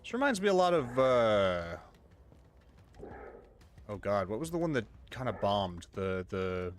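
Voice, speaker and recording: A man's voice: on the low side, sing-song, unhurried. A man streaming a video game on a headset mic, joking and rambling as he plays. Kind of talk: casual gaming commentary. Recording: noisy with clicks. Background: clicks.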